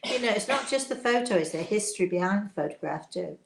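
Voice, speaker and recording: A woman's voice: mid-range voice, lively intonation, fast talker, vocal fry, heavy background noise. An older woman with an English accent, a spiritual author answering viewer questions in a casual, encouraging way with many fillers. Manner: chatty, warm encouragement, laughs often, hesitant fillers. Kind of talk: casual live Q&A chat. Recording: echoey room sound.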